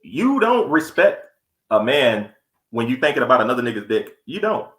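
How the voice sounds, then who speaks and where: A man's voice: mid-range voice, big pitch swings, moderate pace, a bit bright. A young man co-hosting a podcast, telling blunt, profane stories in casual chat. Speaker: podcast co-host. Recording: echoey room.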